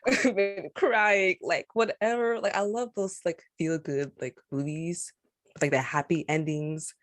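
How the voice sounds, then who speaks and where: Woman co-host, lowish voice, giggly rambler, dry close recording. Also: steady tone, a little slow, no echo. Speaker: podcast co-host. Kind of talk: casual chat.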